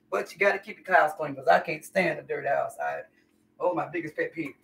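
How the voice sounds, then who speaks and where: A woman's voice: sits low, brisk, gravelly, recorded from a distance, a little hiss or hum. A woman chatting folksily to viewers during a live cooking stream in her home kitchen. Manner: folksy, chatty, calls viewers y'all and honey. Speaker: home cook livestreamer. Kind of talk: casual live cooking chat.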